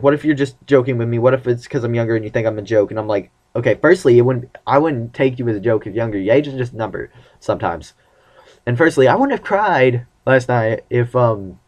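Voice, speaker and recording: This is a casual personal vlog: a teenage boy rambles about his relationship and acts out the lines of retold conversations. His mid-range voice has a darkish tone, and the sound quality is lo-fi.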